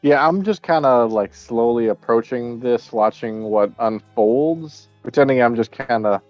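A man playing a tabletop game, calmly describing his actions. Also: mid-range voice, a little slow, soft background music. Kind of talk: casual game chat. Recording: dull lo-fi mic.

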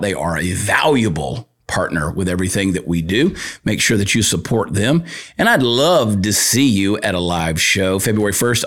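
Male comic-host, worked up and crude, very animated pitch. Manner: riled-up, crude, joking rant. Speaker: podcast host and comedian. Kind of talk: casual opinion talk show.

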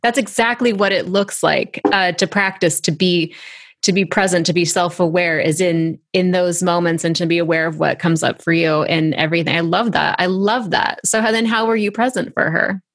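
A woman's voice: lowish voice, moderate pace. A woman coach in casual conversation, encouraging and affirming as she talks.

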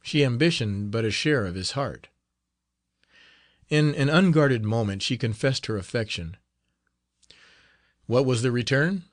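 In a dry, studio-quality recording, a mid-range male voice narrates a classic novel for an audiobook with measured, expressive storytelling.

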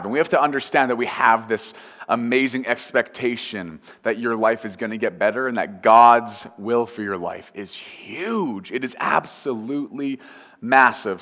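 A male pastor delivers his sermon with earnest conviction, stacking repeated phrases to drive each point home. His voice sits at an ordinary middle pitch for a man. The sound carries a long reverb, as in a large church sanctuary. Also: fairly bright tone.

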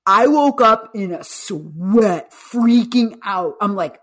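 A woman's voice: mid-range voice, a little slow, hardly any pauses. A woman in her fifties, a guest coach and author, telling stories with animation in a podcast interview and acting out the voices she quotes. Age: 50s. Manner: animated storyteller who acts out quoted speech.

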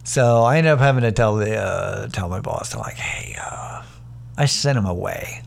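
A man's voice: on the low side, normal speed, vocal fry. A man casually telling a funny story about a coworker, swearing and restarting often, acting out both sides of the argument. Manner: animated, acts out both sides of a quarrel in quoted voices; casual and profane, many restarts and fillers. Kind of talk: storytelling comedy monologue.

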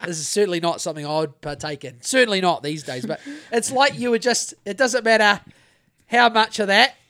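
A man's voice: high-pitched, a little fast, bright, forceful tone. Rambling New man, casual podcast. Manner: rambling, swearing, laid-back storytelling. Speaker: podcast host. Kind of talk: casual chat.

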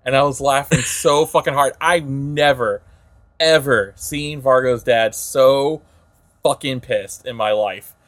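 A man's voice: medium pitch, takes it slowly, fairly bright tone, dry recording. A young man co-hosting a podcast in casual chat, laid-back, laughing and swearing. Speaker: podcast co-host.

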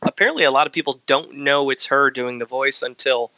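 A man's voice: mid-range voice, fairly even intonation, brisk, sharp tone, no room sound. A man co-hosting a podcast, reading through an actor's career in an upbeat, joking way. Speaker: podcast co-host. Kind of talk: casual chat.

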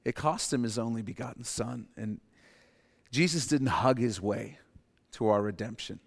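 A male pastor preaching in a church sanctuary, his voice carrying a long hall reverb. He builds to forceful peaks, then sinks to hushed, weighty lines. His pitch sits in a typical middle range for a man. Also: normal speed, vocal fry. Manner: dynamic preaching, dropping to quiet emphasis and rising for acted quotes. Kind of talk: sermon.

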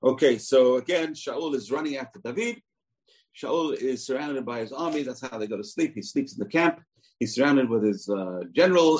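Torah teacher guy, chatty and rambling, gravelly husky voice. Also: medium pitch, darkish tone, poor audio. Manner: chatty and digressive, with asides. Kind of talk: casual scripture lesson.

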